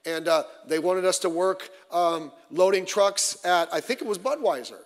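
A middle-aged male pastor delivers a sermon in a fairly high voice, animated and punchy, tossing out rhetorical questions and dry asides. The sound carries a long reverb from a church sanctuary. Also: moderate pace.

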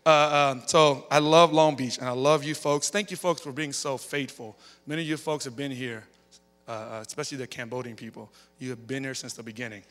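Speaking at a brisk clip with a mid-range, fairly bright voice and fairly even intonation, a male pastor tells stories in a chatty sermon. He often ends lines with "okay" or "all right." The recording carries the reverb of a church sanctuary.

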